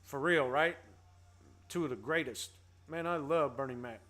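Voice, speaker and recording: This is a man with a fairly high voice who hosts a casual trading livestream. He keeps an upbeat, playful tone and drops slangy banter and rhymes as he greets viewers by name. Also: normal speed, fairly bright tone. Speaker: host.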